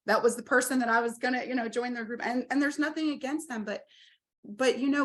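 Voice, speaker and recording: A woman in her forties, telling her story as an interview guest and acting out quoted dialogue with energy. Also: medium pitch. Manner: animated, acts out quoted dialogue. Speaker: guest, RV business owner.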